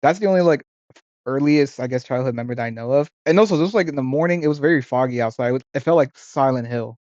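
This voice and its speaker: A young man speaks at a middle pitch, halting and searching for words as he tells a memory. The sound is dry and dull, with no room echo. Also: darkish tone. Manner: hesitant, full of fillers and restarts. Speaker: podcast co-host. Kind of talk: casual chat.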